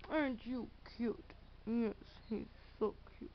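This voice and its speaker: A woman's voice: high-pitched, slow pace, a little hiss or hum. A woman filming her cat at home, talking to it in playful, cooing baby talk. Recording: dull lo-fi home camera audio.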